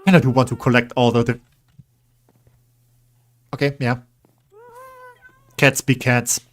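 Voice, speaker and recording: A man's voice: mid-range voice, level tone, measured pace. A man casually chatting while streaming a building game, rambling and coaxing his in-game pets along. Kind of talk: casual gameplay commentary.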